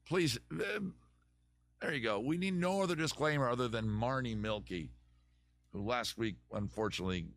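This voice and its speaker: Rambling comic host, voice going hoarse. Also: male voice, medium pitch, moderate pace, a bit bright, dry recording. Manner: digressive, self-mocking, drops into a put-on Southern lawyer voice. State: voice going hoarse after weekend shows. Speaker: comedy podcast host. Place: his home in a city.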